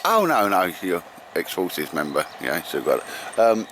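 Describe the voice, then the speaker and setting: Low-voiced, rambling Essex bloke outdoors. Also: male voice, wildly swooping pitch, measured pace, fairly bright tone, a little hiss or hum. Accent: Essex English. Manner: rambling, matey, says mate a lot. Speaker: bushcraft vlogger. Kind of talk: casual chat to camera. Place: outdoors in woodland.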